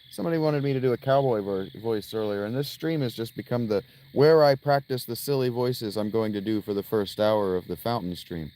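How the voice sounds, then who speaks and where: An American man chatting through a game stream, rambling from joke to joke and answering his viewers. His voice sits in a mid register and moves around with lively ups and downs. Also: medium pitch, normal speed. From United States. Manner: rambling, jokey, talks to chat. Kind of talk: casual gameplay commentary.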